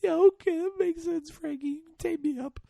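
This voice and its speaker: A man doing a high, crying voice of a terrified teenage boy begging for his life. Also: normal speed, creaky, warm tone, no room sound, studio quality. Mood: pleading.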